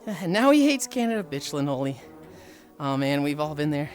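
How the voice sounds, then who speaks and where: A man's voice: fairly high pitch, moderate pace. A man in his late twenties, a streamer swearing freely as he tells stories to his chat. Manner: profane, animated, acts out voices in quotes. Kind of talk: casual storytelling to chat. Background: faint music.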